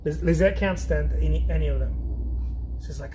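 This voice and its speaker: A man's voice: on the high side, brisk, noisy background. A middle-aged man painting and chatting casually, rambling, joking at his own expense and trailing off mid-thought. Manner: chatty, self-deprecating, laughs often, trails off and restarts. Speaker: painter streaming an art chat.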